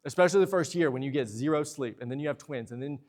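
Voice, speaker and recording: A young man preaching a sermon in a church, lively and talkative, slipping into playful asides. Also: mid-range voice, quick pace. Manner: lively preaching, acts out husband and wife exchanges in asides. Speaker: pastor. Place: church sanctuary.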